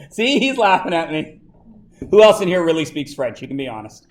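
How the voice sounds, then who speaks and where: A man from Canada teaching a high school math class, talking casually, joking with the students and asking them lots of questions. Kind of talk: classroom lesson.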